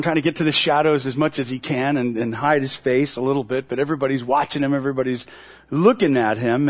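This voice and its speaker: A middle-aged male pastor preaching a sermon in a conversational, storytelling manner. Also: on the high side. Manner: conversational storytelling with acted-out quotes.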